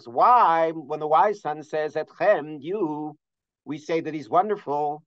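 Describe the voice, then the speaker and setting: A man's voice: a little high, measured pace, no room sound. A middle-aged man teaching a scholarly holiday lesson, earnest and detailed in citing sources, with frequent uhs. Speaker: religious teacher. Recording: dull, dry lo-fi recording.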